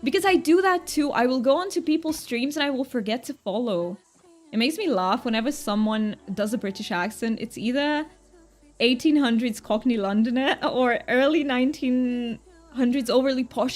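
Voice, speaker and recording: Chatty woman streamer, slightly high voice. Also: moderate pace. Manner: chatty, reads chat aloud and answers viewers, laughs often. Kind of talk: casual live-stream chat while gaming.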